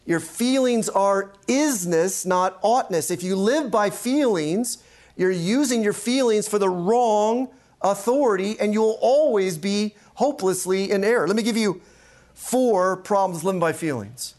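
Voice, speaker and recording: A man's voice: high voice, a little slow, a little mellow. A man, a pastor and counseling instructor, giving an emphatic teaching lecture and often checking in with "right?". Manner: emphatic, repeats key points, asks "right?".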